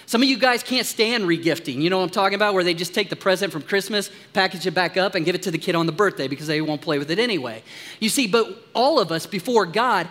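A man preaching as a pastor, upbeat and joking with the congregation, dropping to a hushed tone in prayer. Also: high voice, long reverb tail. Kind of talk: sermon. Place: church sanctuary.

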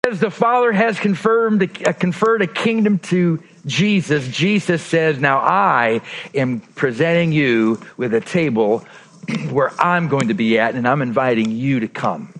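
A man with a fairly high voice preaches a sermon as a pastor in a church. He acts out quoted lines with lively energy, then drops into soft, intimate tones to press a point home. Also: unhurried.

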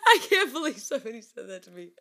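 A young woman telling a story casually and mocking herself, laughing often and jumping up in pitch when she acts out quotes. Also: quick pace. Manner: chatty and self-mocking, laughs a lot; animated, voice jumps up when acting out quotes. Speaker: vlogger.

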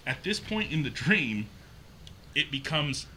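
A young man casually telling a ghost story, animated and acting out the quotes. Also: measured pace, a little hiss or hum. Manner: animated, acts out quotes with pitch jumps.

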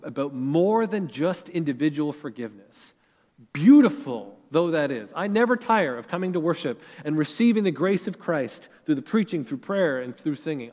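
A man's voice: a little high, darkish tone. A male pastor preaching a sermon to his congregation, earnest and emphatic, building his points in rising lists. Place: church sanctuary. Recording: church hall reverb.

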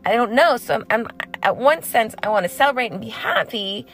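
A woman's voice: on the high side, lively intonation, fairly quick, fairly bright tone. A young woman giving a casual devotional talk and reading scripture aloud. She is chatty, laughs easily and uses many fillers. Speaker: faith vlogger.

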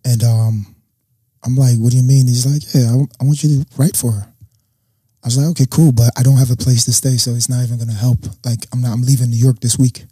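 A man's voice: medium pitch, fast, breathy edge, no echo. A young man, a guest, telling a personal story in casual talk and acting out what people said. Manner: animated storyteller acting out quotes.

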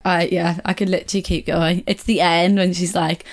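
A young woman with a slightly low voice chats casually to her viewers. She keeps second-guessing herself and laughing. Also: very animated, moderate pace. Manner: chatty, self-correcting, laughs often. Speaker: vlogger. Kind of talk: casual chat to camera.

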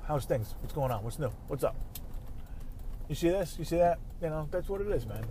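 A man's voice: on the high side, animated, fairly quick, warm tone, a little hiss or hum. Fired-up man ranting, swearing a lot. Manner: heated, swearing, rambling. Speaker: vlogger ranting while driving. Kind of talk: casual profane rant. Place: inside a car.

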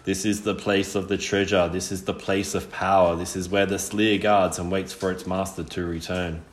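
Man voicing an ancient three-headed serpent guardian, slow, intoning, deep, echoey room. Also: flat delivery, close to an everyday voice. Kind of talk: audiobook reading. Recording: roomy echo.

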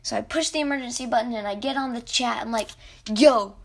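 A young woman telling a rambling, animated story about a video game as a podcast host. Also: fairly high pitch, fast, creaky. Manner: rambling, animated, self-interrupting. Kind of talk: casual storytelling.

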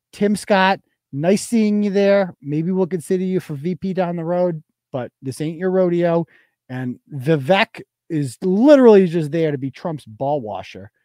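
On a live show, a male host launches into a heated political rant, swearing constantly and restarting sentences mid-thought. His voice is high with a dark tone, and the recording is dry and studio-clean.

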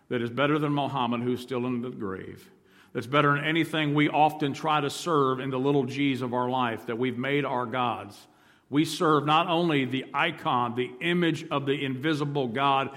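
A male pastor preaching a sermon, swinging from loud emphatic lines to low, hushed ones. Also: big-room sound.

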